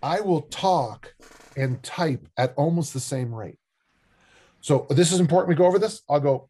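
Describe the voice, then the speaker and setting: A man's voice: a little high, moderate pace, breathy edge. An older man, a strength and discus coach, telling joking stories as a guest on a podcast interview. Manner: animated, joking storyteller.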